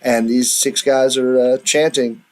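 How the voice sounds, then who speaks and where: A man narrating a tabletop game as dungeon master, describing the scene in a halting way with fillers. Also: mid-range voice, flat delivery, darkish tone. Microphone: online voice chat.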